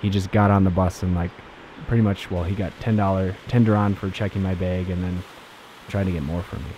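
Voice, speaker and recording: A man's voice: low voice, flat delivery, brisk, darkish tone, muffled recording, a little hiss or hum. A man casually recounting his travels as a vlogger, rambling with fillers and restarts. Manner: rambling, laid-back, many fillers and restarts.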